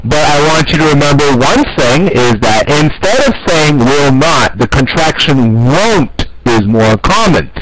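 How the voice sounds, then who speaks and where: A man's voice: fairly high pitch, expressive, measured pace, few pauses, a bit bright, low-quality recording. A man explaining English grammar in an online lesson, checking in often with "okay?". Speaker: English teacher.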